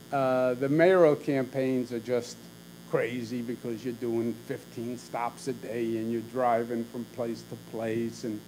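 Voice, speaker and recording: A man's voice: medium pitch, darkish tone, a little hiss or hum, poor audio. A man, a governor telling wry anecdotes in a conversational public speech. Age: 60s.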